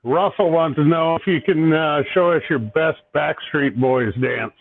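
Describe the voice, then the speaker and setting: A man's voice: a little high, a little slow, vocal fry, no echo. A man co-hosting a live stream over a call, teasing the others in an upbeat way. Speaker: co-host. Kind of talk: casual live-stream chat. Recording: dry tinny phone-like call audio.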